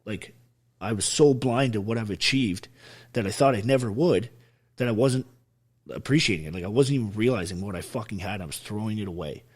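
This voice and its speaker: A husky man from Canada speaks in a fairly low voice as a podcast guest. He tells his life story bluntly, with hard swearing and driving intensity. An army veteran who never softens his words. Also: brisk. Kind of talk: raw personal storytelling in a podcast interview.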